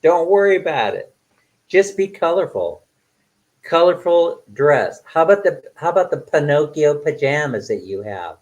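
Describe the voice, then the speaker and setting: A man's voice: on the high side, big pitch swings, moderate pace, poor audio. Chatty retired man reading live chat. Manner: chatty, laughs often, many fillers. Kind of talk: casual live-stream chat.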